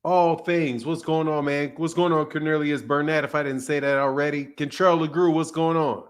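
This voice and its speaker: A man's voice: fairly high pitch, steady tone, normal speed. A man hosting a casual livestream, loosely greeting viewers by name in a chatty way. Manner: loose and chatty, reads viewer names aloud. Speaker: livestream host.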